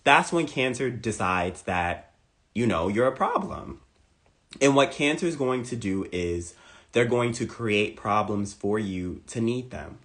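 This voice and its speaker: A man giving a casual, comedic astrology monologue, playful and animated, repeating lines for emphasis. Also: fairly low pitch, a little slow. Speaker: astrology content creator.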